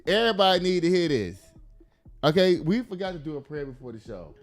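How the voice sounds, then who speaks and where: A man's voice: a little high, sing-song, brisk. A man hosting a show in a loose, joking, colloquial way. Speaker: show host. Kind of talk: casual chat.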